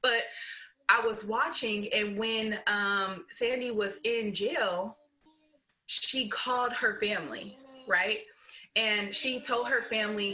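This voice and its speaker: A woman's voice: mid-range voice, unhurried, sharp tone, poor audio. A woman guest in casual chat, talking earnestly and often checking in with "right?". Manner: earnest, keeps asking "right?".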